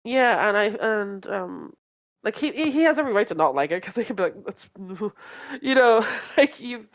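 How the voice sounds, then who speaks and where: A woman's voice: medium pitch, animated, moderate pace. Rambling, giggly woman fan. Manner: rambling, many fillers and restarts, laughs often. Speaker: podcast co-host. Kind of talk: casual fan chat.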